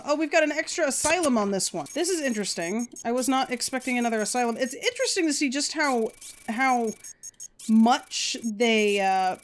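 A woman hosting a video game let's play, excitable and quick to yell and swear at the game. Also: high voice. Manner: excitable, yelps and shouts at the game; swears freely.

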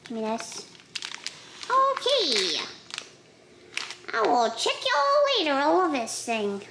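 Woman voicing a high, gushing little terrier boy. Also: wildly swooping pitch, slow pace, very noisy, exaggerated voice. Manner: gushing, chatty about treats. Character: excitable young male terrier dog, greedy chewer.

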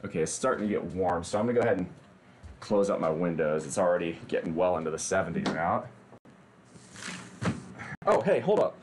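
Lively low-voiced man chatting. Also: a little fast, pauses often, a little hiss or hum. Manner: chatty, joking, talks straight to viewers. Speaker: livestream fitness host. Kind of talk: casual livestream chat.

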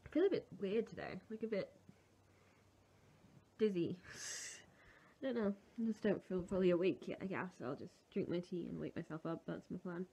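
A woman's voice: lowish voice, lively intonation, moderate pace, gravelly, dark tone, highs cut off, a little hiss or hum. A young woman with a sore throat, chatting casually and rambling through her plans in a home vlog. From England. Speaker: vlogger. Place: at home, indoors.

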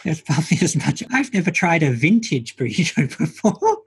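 A woman's voice: sits low, sing-song, moderate pace, breathy edge, no echo. A woman co-hosting a podcast, talking things through in a thoughtful, analytical way. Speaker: podcast co-host. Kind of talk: casual chat.

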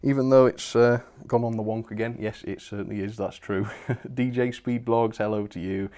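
With a lowish, mellow voice, fairly even intonation, and normal speed, a male live-stream host chats in a cheerful, easygoing way. He laughs lightly and often, much like a person enjoying a pastime with viewers.

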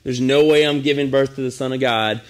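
A man's voice: mid-range voice, fairly even intonation, a little fast, close to an everyday voice. A man voicing a startled teenage girl in a sermon retelling, stammering and flustered. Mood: disbelieving.

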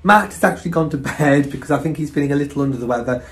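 Husky-voiced man chatting casually. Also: a little high, racing. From Britain. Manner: chatty and gentle, talks to his cat and camera. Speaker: vlogger. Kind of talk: casual vlog chat. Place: home garden and greenhouse.

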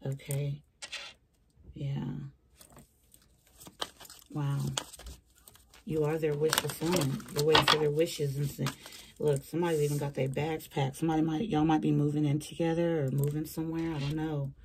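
A woman's voice: sits low, little pitch movement, moderate pace, pauses often, noisy background. A woman giving a casual, chatty tarot reading from her small bedroom, talking straight to her viewers in slangy terms. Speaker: tarot reader.

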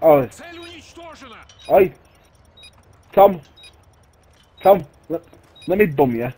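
A man's voice: on the high side, lively intonation, very slow, mellow, slightly rough, exaggerated voice, poor audio. A man putting on a Scouse accent to play a mouthy, crude young lad trolling strangers in game voice chat over a headset. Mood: taunting. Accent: put-on Liverpool Scouse. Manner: crude, taunting, swearing banter. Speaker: online gamer trolling lobby chat. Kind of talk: prank voice chat over gameplay. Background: game music and gunfire.

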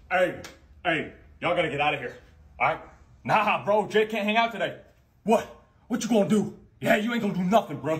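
A man's voice: sits high, animated, a little fast, fairly bright tone, reverberant, a little hiss or hum. A young man acting out comedy sketches in brash, slangy bro talk.

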